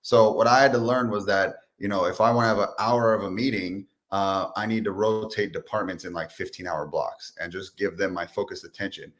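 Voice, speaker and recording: A man's voice: lowish voice, brisk, hardly any pauses. A man who is a guest on a podcast, telling business stories in casual chat and acting out quotes as he goes. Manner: animated storyteller, acts out quotes. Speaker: guest, sales expert and entrepreneur.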